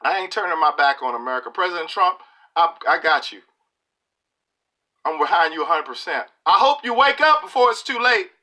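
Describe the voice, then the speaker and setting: A man's voice: a little high, lively intonation, brisk, pushed and bright. A middle-aged man giving a preachy, emphatic political monologue to camera, talking colloquially and repeating lines for punch. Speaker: political video commentator.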